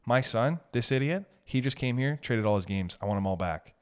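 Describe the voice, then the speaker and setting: A fierce, bossy middle-aged mother making demands, as her son puts her on in a man's voice at an average pitch. She sounds confrontational and sure of getting her way. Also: expressive, brisk, lightly acted. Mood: demanding.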